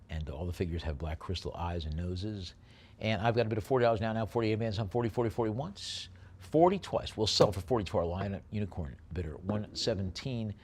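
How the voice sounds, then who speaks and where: A man calling a live auction, rattling off bids in a quick chant and slowing down to describe each lot. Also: fairly low pitch, slight background noise. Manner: rapid bid-calling chant alternating with slower item descriptions.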